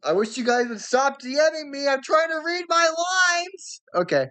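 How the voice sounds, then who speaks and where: A woman's voice: high voice, steady tone, unhurried, fairly bright tone. A woman breaking off a casual script read with an exasperated aside. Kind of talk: casual aside while reading lines.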